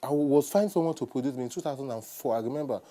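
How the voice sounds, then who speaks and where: A young Nigerian man with a Nigerian accent, a musician guest in a casual interview, telling animated stories and acting out quotes. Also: medium pitch, very fast. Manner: animated storyteller, acts out quotes, repeats "you understand".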